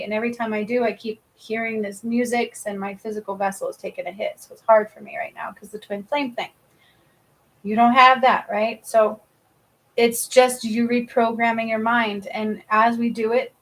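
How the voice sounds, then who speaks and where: A woman's voice: a little high, fairly bright tone, poor audio. A woman giving a live-stream spiritual card reading, talking emphatically, often checking in with "okay?" and swearing casually. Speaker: spiritual reader and healer.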